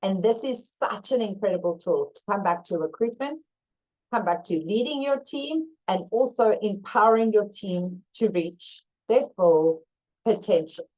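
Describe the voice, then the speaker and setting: Unhurried and mid-range in pitch, a woman delivers a live online leadership masterclass with poor audio quality. She's lively as she shares viewers' chat replies and plays out the staff side of brief workplace role-plays.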